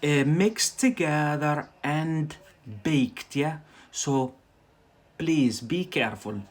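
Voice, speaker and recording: On a relaxed livestream, an English teacher whose accent carries Scottish influence speaks slowly in a rather high voice. He chats loosely, addresses viewers directly, and draws out important words, saying them again for the audience.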